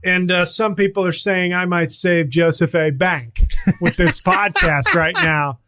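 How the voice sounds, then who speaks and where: A man's voice: sits high, measured pace, pushed and bright, smooth. A middle-aged man hosting a podcast in casual comedic chat, acting out quotes with shifting voices. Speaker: podcast host.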